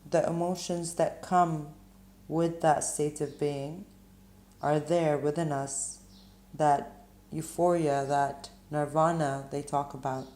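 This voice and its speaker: A woman giving a spiritual tarot reading, musing gently and pausing often with ums as she talks. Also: low-pitched, reverberant. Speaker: tarot reader.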